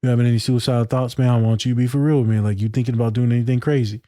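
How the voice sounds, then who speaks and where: A man's voice: mid-range voice, little pitch movement, rapid-fire, warm tone, dry recording, clean studio sound. Candid, swearing man. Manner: loose and candid, swears freely, acts out quoted dialogue. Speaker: podcast co-host. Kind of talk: casual podcast chat.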